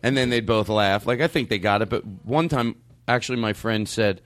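A man's voice: lowish voice, moderate pace, a bit bright, dry recording. A middle-aged man hosting a comedy podcast, rambling and joking, with frequent restarts and goofy bits. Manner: rambling, jokey, lots of restarts and goofy voices. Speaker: podcast host. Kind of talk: casual comedic chat.

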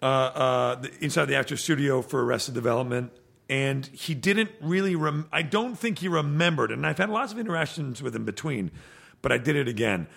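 A man with a gravelly, fry-laden voice talks loosely as a podcast guest. He stops and restarts often, filling the gaps with fillers. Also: medium pitch, animated, a bit bright. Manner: halting, many restarts and fillers. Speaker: actor guest. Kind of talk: casual podcast chat.

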